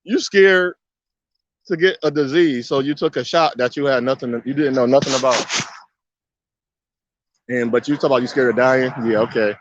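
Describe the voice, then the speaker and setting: A man's voice: mid-range voice, normal speed, pauses often, no room sound. A man giving a casual spoken monologue, emphatic and repetitive, driving his points home with rhetorical questions. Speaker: video commentator. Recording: dull, muffled dry recording.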